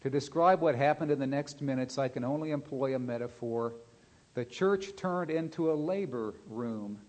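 A man's voice: mid-range voice, normal speed, a little mellow. Earnest man preaching a sermon. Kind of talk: sermon with read-aloud story.

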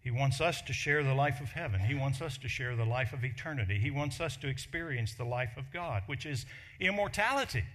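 Bright-voiced preaching man, slowing for emphasis. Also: mid-range voice, animated. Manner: emphatic preaching, slows and rises on key phrases. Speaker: pastor. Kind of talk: sermon.

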